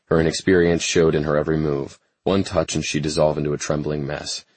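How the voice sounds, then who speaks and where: A man narrating a first-person romance audiobook in a measured, brooding, intense way. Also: very deep voice, level tone, darkish tone, slightly rough, no echo.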